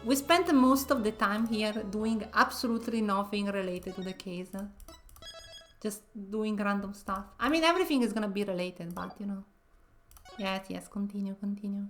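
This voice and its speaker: A woman's voice: mid-range voice, moderate pace, a bit bright, faint music behind. A woman streamer giving casual, giggly commentary while playing a game. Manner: giggly, chatty.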